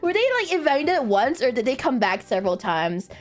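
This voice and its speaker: A woman streaming casual chat, animated and giggly, laughing often and swearing casually. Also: fairly high pitch, fairly quick.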